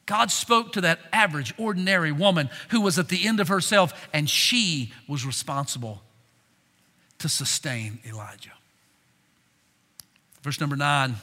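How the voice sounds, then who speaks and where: High-voiced preacher in a reverberant hall. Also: male voice, very animated, normal speed. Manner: dramatic swings from loud emphasis to hushed low tones. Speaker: pastor. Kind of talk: sermon.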